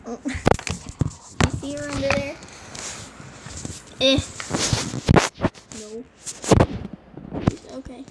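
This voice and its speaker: A woman with a fairly high voice gives a slow, rambling tour of her game animals. She chats to the characters and her own screen as she goes, and her voice now and then breaks into squeaks. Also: fairly even intonation, heavy background noise. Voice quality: voice cracks into squeaks at times. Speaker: channel host showing a game collection. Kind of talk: casual screen-recording commentary.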